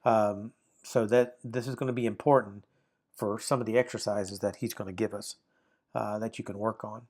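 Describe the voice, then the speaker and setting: A man teaching a recorded grammar lesson, sounding out syllables slowly and often checking "right? okay?". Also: fairly low pitch, fairly even intonation, darkish tone. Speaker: Bible Hebrew teacher.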